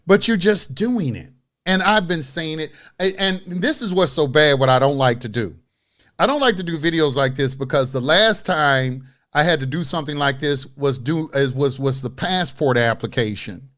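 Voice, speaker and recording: A man hosts his own video, speaking straight to his camera in blunt, profanity-laced street talk. His voice sits high and leaps around constantly. He tells a story, then rants with mounting exasperation. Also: lively intonation, moderate pace, fairly bright tone. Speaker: online video host. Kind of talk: unscripted rant to camera.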